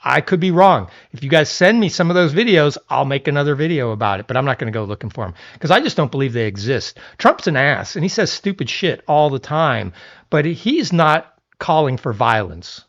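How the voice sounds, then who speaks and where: Man, fairly high voice, animated, blunt conversational commentary, dull lo-fi audio. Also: brisk. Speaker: commentary channel host. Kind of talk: opinionated political commentary.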